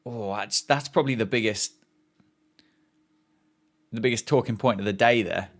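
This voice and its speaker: A man's voice: lowish voice, normal speed. Chatty man on a cricket watchalong. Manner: chatty, joking, reacts to play and viewer comments. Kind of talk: casual live commentary chat.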